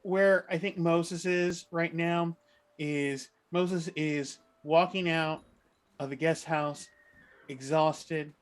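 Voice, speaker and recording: A man's voice: on the high side, steady tone, slow pace. A man at a tabletop game talks through what his character is doing. He rambles and hesitates, circling back with lots of ums and kind-ofs. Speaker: player.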